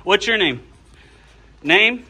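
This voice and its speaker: High-ish voiced guy filming on his phone, loud, keeps repeating himself, confrontational. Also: animated, slow, slightly rough. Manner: loud, insistent, repeating demands. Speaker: video channel host, auditor.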